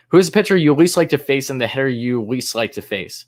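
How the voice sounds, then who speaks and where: A man's voice: medium pitch, expressive, fast, few pauses, a little mellow. A man hosting a live fan stream, calling plays in an announcer-like way between casual, hesitant answers to chat. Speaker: livestream host and fan commentator.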